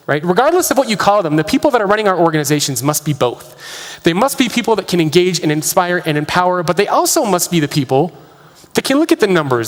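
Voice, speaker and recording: High, lively man giving a keynote. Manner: energetic, rhetorical questions to the audience. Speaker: keynote speaker. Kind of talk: keynote storytelling. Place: large conference hall with live audience. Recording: echoey conference hall.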